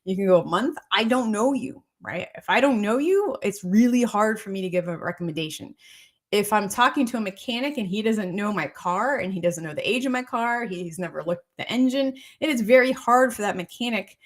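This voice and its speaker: A woman's voice: mid-range voice, expressive, a little fast. A woman doctor giving a casual health talk, repeating points and checking in with her listeners as she explains. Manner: repetitive, keeps checking in with "okay?" and "right?".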